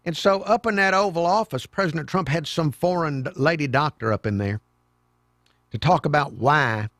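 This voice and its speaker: Sarcastic radio talk host. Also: male voice, on the high side, normal speed, no room sound, studio quality. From American South. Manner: sarcastic, mocking, with sudden loud outbursts. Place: radio studio. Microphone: studio microphone.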